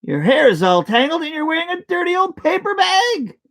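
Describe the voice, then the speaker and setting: A woman voicing a snooty, fussy young prince who scolds in a prissy, slow tone. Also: very high-pitched, very animated, pitched above the performer's own voice, full character voice. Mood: scornful.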